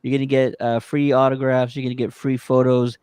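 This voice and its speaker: A man's voice: medium pitch, little pitch movement, fairly quick, darkish tone, smooth, no room sound, studio quality. A man hosting a podcast in casual chat, upbeat and promotional, with frequent restarts. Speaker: podcast host.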